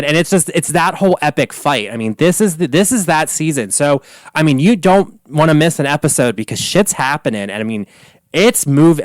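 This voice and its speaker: A man hosting a solo comedy podcast, recapping gossip in an animated, profane way and laughing often. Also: fairly high pitch, dry recording. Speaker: podcast host.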